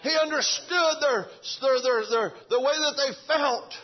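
A fervent preacher, repeating himself as he swings between shouting and hushed speech. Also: extremely high pitch, measured pace, highs cut off. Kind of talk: revival sermon.

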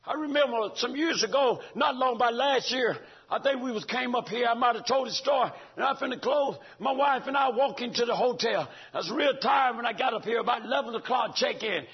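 A man preaching a fervent, rhythmic sermon, rising to shouts, recorded in dull lo-fi sound. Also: extremely high pitch, brisk, few pauses, breathy edge.

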